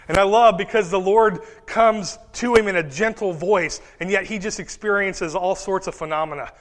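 Male pastor, sermon delivery, animated, high voice, long hall reverb. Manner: animated preaching, voices Bible figures in quick asides.

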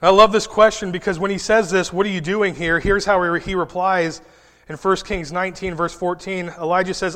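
Male pastor, sermon delivery, animated, high voice, long hall reverb. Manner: animated preaching, voices Bible figures in quick asides.

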